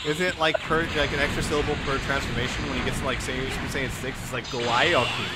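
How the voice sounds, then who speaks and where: A man's voice: mid-range voice, fairly even intonation, quick pace. A man giving casual, joking live commentary on a computer fight, easily distracted and laughing often. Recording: loud game music under the voice.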